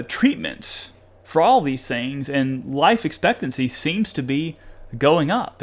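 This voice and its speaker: A man hosting a podcast, reading passages aloud and commenting in an animated, sarcastic way with occasional laughs. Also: fairly high pitch. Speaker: podcast host reviewing a study article.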